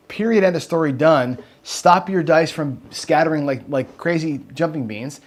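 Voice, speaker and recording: Host, male, fairly high voice, casual and rambling, tags "right?" onto nearly every line, swears freely. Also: normal speed, few pauses. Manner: rambling, says "right?" constantly, swears when heated. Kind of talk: casual livestream commentary.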